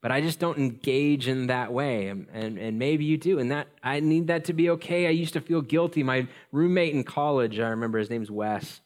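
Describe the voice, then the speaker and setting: A man preaching a sermon as pastor, talking in a loose, conversational and self-deprecating way, slipping into quick stories. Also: mid-range voice, darkish tone.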